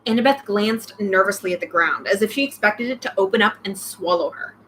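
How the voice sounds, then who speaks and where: A young woman reading a novel aloud, breaking off with excited comments about the myths. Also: mid-range voice, fairly quick, a little hiss or hum, low-quality recording. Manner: excited outbursts between read passages. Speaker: reader, channel host.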